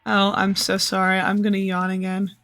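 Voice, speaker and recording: A woman's voice: mid-range voice, monotone, moderate pace, fairly bright tone, soft background music. A woman streamer chatting casually and playfully over her gameplay, teasing herself along the way. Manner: playful, chatty, self-mocking.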